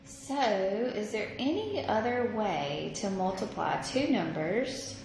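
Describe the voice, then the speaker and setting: A woman teaching a math lesson, slow and patient, thinking out loud as she works through examples. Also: medium pitch, animated, gravelly. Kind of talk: recorded classroom lesson. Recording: echoey room with noise.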